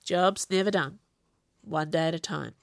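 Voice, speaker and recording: A weary old soldier who talks in short, clipped bursts, played by a woman reading a storybook. His words come out gruff, dry and close to the mic. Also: sits low, unhurried, dry recording. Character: gruff older male army sergeant.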